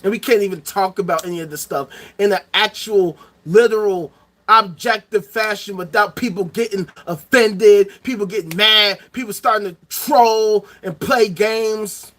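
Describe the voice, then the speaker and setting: A man's voice: high voice, normal speed, fairly bright tone. A man ranting angrily into the camera, profane and heated, hammering points home by repeating them. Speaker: vlogger. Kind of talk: angry ranting monologue.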